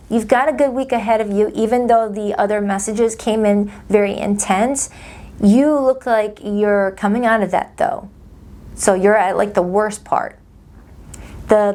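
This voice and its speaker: A woman's voice: mid-range voice, a little mellow. Chatty upbeat woman reading tarot. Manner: chatty, upbeat, speaks straight to viewers. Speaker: tarot reader. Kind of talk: casual tarot reading to camera.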